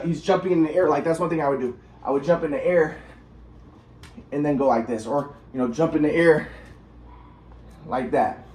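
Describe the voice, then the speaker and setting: Man, casual vlog monologue, rambling with restarts, quick delivery, roomy echo. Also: fairly high pitch, a little mellow. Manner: rambling, restarts, acting out moves. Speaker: vlogger.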